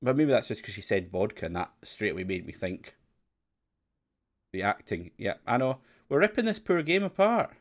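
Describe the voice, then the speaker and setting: With a fairly low, sing-song voice at a moderate pace, a man gives casual let's play commentary on a classic adventure game. He's chatty, poking fun at the game's voice acting as he goes.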